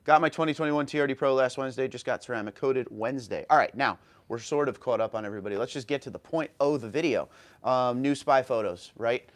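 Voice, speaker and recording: A man in a relaxed solo livestream, chatting with his audience and reading out their comments. His voice sits at an ordinary middle pitch, and his delivery is friendly and easygoing, with quick hellos to each viewer. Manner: friendly, greets viewers by name, reads comments aloud. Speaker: livestream host. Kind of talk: casual live chat reading viewer comments. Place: home room.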